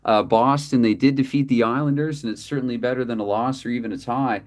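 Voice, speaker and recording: A man at his home desk narrating a dice hockey game in play-by-play style, speaking at an ordinary middle pitch. He is conversational and stops often to correct himself or apologize to viewers. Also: steady tone, fast talker. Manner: chatty, self-correcting, apologetic asides. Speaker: tabletop hockey game host.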